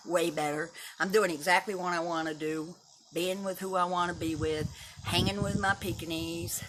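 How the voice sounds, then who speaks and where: A woman of seventy from Texas hosts a casual livestream and talks straight to her viewers, blunt and opinionated, with a swear word here and there. Her voice is bright and forceful while sitting fairly low for a woman. A faint hum of ambience runs behind her. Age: 70s. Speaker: livestream host. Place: at home and in her yard.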